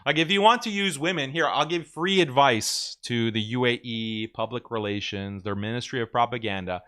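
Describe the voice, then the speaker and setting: A man's voice: mid-range voice, normal speed, a bit bright. A man hosting a commentary show, talking casually in a sarcastic, mocking way and chuckling often. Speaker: host.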